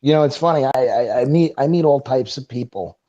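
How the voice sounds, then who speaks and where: A man's voice: medium pitch, fairly quick, warm tone, muffled recording. A man from New York in a casual podcast chat, swearing freely and repeating words as he talks. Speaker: podcast co-host.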